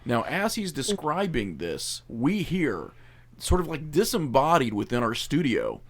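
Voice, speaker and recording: A man's voice: medium pitch, wildly swooping pitch, measured pace. A man hosting a podcast, telling his own eerie studio story in a loose, rambling way. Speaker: podcast host. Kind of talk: casual chat.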